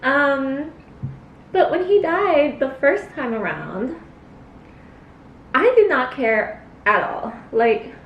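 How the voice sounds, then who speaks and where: Young woman rambling between bites of food, high voice, slow easy pace, sounds far off in an echoey room. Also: sing-song, highs cut off. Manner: rambling, filler-heavy, chatty, talks between bites. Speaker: cosplay vlogger. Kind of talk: casual mukbang chat while eating. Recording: roomy, distant mic, faint hiss.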